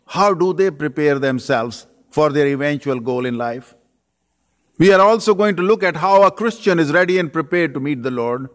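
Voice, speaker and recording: A man's voice: a little high, lively intonation, moderate pace, a bit bright. A man who grew up in Pakistan. He preaches an earnest sermon as a guest missionary preacher, stacks phrases in threes and drops dry self-deprecating jokes. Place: church sanctuary. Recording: long reverb of a church sanctuary.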